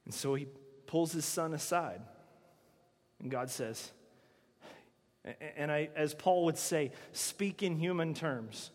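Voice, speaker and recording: A man preaching a sermon, earnest and emphatic, moving between loud stresses and hushed lines. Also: a little high, slow, long pauses, long reverb tail. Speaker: pastor.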